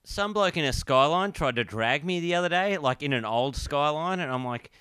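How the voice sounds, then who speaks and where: A man's voice: fairly high pitch, animated, normal speed, sharp tone, clear, resonant tone, no echo, studio quality. A young Australian man co-hosting a podcast, laid-back and rambling as he tells stories. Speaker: podcast co-host. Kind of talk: casual podcast banter.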